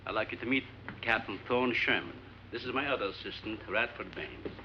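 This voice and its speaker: A man's voice: fairly low pitch, a little fast, background noise, natural voice. An actor playing an older research scientist and father, speaking in an earnest, lecturing way in a 1950s film. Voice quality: lecturing, emphatic delivery. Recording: muffled old film soundtrack with music.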